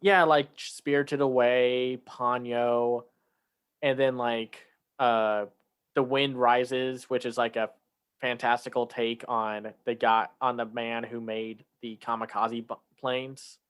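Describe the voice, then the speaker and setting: A man's voice: medium pitch, little pitch movement, slow pace, a bit bright, clean tone. A man co-hosting a casual chat, talking loosely with many fillers and restarts, sometimes acting out lines in a raised voice. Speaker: podcast co-host.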